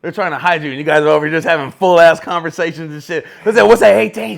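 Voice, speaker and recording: A man's voice: a little high, fast, gravelly, hardly any pauses. A man co-hosting a podcast, chatting casually with crude jokes and blunt asides. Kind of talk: casual chat.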